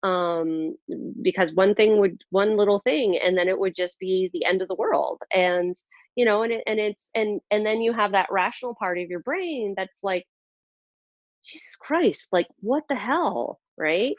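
A woman's voice: medium pitch, moderate pace, no room sound. Woman, casual storyteller, rambling and self-deprecating, muffled dry audio. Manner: rambling, self-deprecating, many fillers and restarts.

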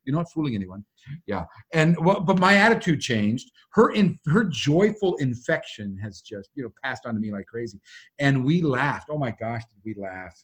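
A man co-hosting a podcast, chatting casually and telling stories with lively laughter. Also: mid-range voice, normal speed, slightly rough. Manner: animated storyteller, laughs often. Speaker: podcast co-host.

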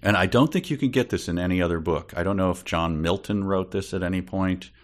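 Co-host, male, low voice, dry wry humor. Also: a little fast. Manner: dry, wry, joking asides. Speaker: podcast co-host. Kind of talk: casual comedic book discussion.

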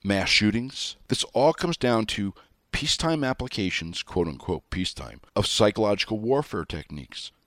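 Emphatic low-voiced male talk host. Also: expressive, moderate pace, fairly bright tone, no echo, clean studio sound. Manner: emphatic, sarcastic asides, spells out words. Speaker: show host. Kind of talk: talk show monologue.

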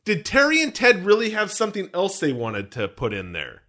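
This podcast co-host, a man, retells a movie one scene at a time with plenty of jokes and rambling detours, all in an animated way. He speaks at a moderate pace in a somewhat high, bright, forward voice that moves a lot in pitch.

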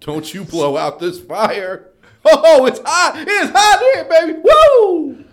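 Picture a rowdy pro wrestler letting out high, wild whoops and hollers at full blast. The voice jumps way up in pitch and swings wildly, big and brash. This is loud hype and showboating. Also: male voice, very animated, slow pace, exaggerated voice. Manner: whooping, yelling, over the top.

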